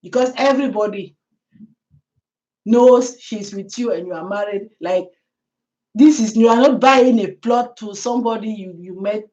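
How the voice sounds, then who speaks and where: A woman's voice: mid-range voice, normal speed, warm tone, dull audio. A woman vlogger telling a story in a chatty way, laughing often and talking straight to the viewer. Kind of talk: casual storytelling commentary.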